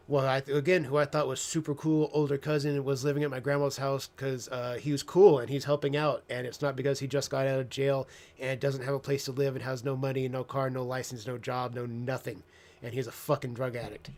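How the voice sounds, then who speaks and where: A man's voice: medium pitch, darkish tone. A man telling a long personal story in a casual monologue, candid and profane, rambling with sarcastic asides. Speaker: host.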